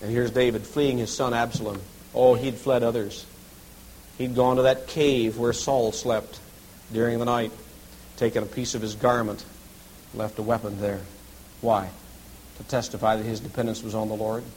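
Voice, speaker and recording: A middle-aged man preaching a sermon as a pastor and chaplain, with dramatic swings between shouting and near whispers. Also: mid-range voice, level tone, normal speed, pauses often, a little hiss or hum, rough recording.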